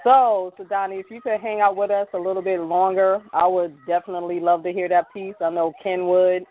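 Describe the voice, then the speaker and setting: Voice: mid-range voice, level tone, fairly quick. A host running a call-in talk show, affirming speakers often and bringing on the next guests. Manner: affirming, frequent agreeing interjections. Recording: tinny phone line.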